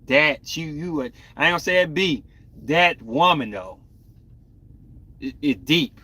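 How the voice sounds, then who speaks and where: Bright-voiced man chatting candidly. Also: fairly high pitch, expressive, a little slow. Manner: candid, rambling, talks to viewers. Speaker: podcast host. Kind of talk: casual live-stream chat.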